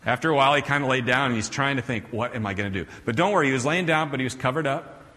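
A male preacher delivering a sermon with animated, chuckling storytelling. His voice is bright and forward, and a long reverb hangs in the hall. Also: mid-range voice, racing.

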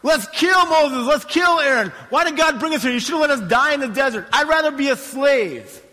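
In a sermon, a man doing the complaining Israelites whines and pleads for an easy way out. His voice sits high and sharp. A long hall reverb trails each line. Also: big pitch swings, takes it slowly, full character voice. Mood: angry whining. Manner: whining, pleading, exaggerated. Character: whiny complaining Israelites demanding easy blessing.

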